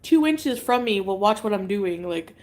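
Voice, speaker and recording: A woman's voice: medium pitch, expressive, moderate pace. A woman from Canada chatting casually on a livestream, reading out viewer comments, giggly and drifting between topics.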